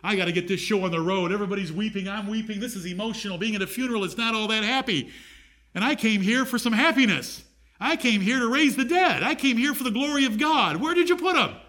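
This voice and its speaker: A man's voice: sits high, animated, quick pace, sharp tone, pitched above the performer's own voice. A man voicing Jesus as an impatient, eager adult man, speaking in casual modern words. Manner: exasperated, casual modern paraphrase.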